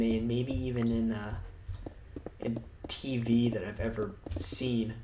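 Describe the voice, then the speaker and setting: A male streamer rambles along at an unhurried pace, swearing freely, with a sardonic edge. His voice sits at an ordinary pitch and drops soft at times. It echoes in the room over steady background noise. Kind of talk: casual livestream chat.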